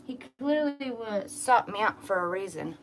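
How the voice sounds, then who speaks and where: A woman's voice: medium pitch, expressive, moderate pace. A woman vlogging casually, coaxing a stray cat in a sing-song voice and musing aloud between calls. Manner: chatty musing asides. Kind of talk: casual vlog, talking to a cat. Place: outdoors on a back porch.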